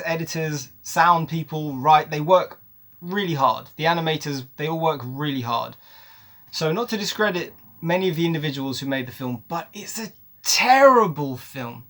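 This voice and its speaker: A man's voice: fairly high pitch, bright, forceful tone. A man giving a casual, opinionated film review, emphatic and ranting, repeating words for stress. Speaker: movie reviewer.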